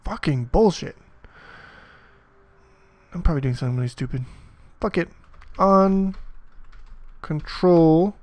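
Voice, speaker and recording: A man's voice: on the high side, a little slow, pauses often, no room sound. A man narrating a casual coding tutorial as he types, muttering, swearing often and mocking himself. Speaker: programming tutor.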